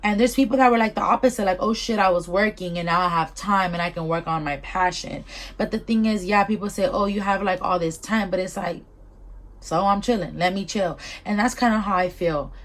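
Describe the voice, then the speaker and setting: A woman's voice: mid-range voice, a little fast. A young woman from Southern California hosting her own podcast in casual, blunt talk full of swearing and slang, with a Southern California accent. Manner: blunt, profane and unfiltered. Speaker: podcast host. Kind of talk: casual solo podcast chat.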